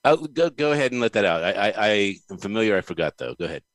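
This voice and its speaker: Playful guy hosting a video call chat, really low voice, dry sound. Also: big pitch swings, quick pace, dry recording. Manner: joking, playful. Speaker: host. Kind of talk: casual chat.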